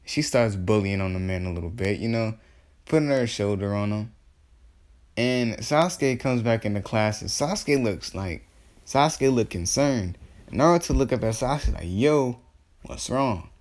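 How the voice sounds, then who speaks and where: A man spinning a fan story off the cuff in a loose, slangy ramble. He corrects himself and leans on fillers as he goes. His voice sits a little low. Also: expressive, moderate pace, darkish tone. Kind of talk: improvised fan-fiction storytelling.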